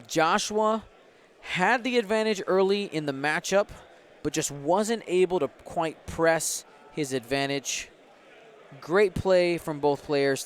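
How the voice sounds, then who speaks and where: A man hosting a game tournament livestream, chatting upbeat with viewers and running giveaways. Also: on the high side. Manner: upbeat, chatty, hypes the chat. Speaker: stream host and commentator.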